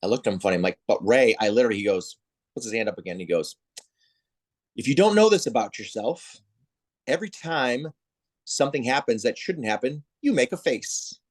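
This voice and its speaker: Male guest, volleyball referee chief, lively storyteller, mid-pitch voice. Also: brisk. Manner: animated storyteller, acts out quoted voices. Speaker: head of volleyball officials, guest. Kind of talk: casual interview chat.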